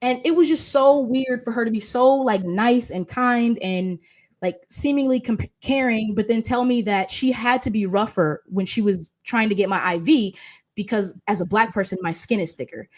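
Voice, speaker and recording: An American woman in her thirties, a host and patient advocate, leads a casual panel discussion, speaking freely with lots of fillers and restarts. Her voice is fairly high, slightly mellow, and at a normal pace.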